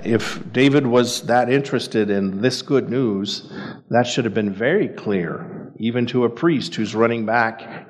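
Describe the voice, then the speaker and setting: Man leading a Bible study, echoey hall. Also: on the low side. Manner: conversational, questions the group.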